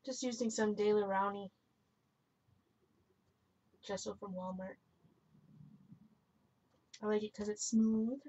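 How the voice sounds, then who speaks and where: A woman's voice: mid-range voice, steady tone, slow pace, long pauses, dark tone, breathy edge. A woman hosting a live stream, chatting casually as she crafts, often correcting herself, laughing, and answering viewer comments aloud. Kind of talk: casual chat while crafting. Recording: dull lo-fi recording.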